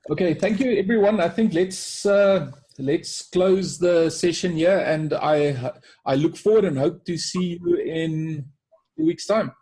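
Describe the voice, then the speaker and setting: Calm South African webinar co-host, mellow and a little husky, reflective. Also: male voice, fairly high pitch, measured pace. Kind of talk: casual webinar talk.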